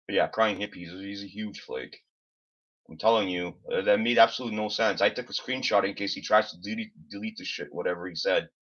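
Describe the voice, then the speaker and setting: A livestream host with a low voice and fairly bright tone rambles through casual chat, telling exasperated stories and swearing freely. The stream audio is slightly dull and lo-fi.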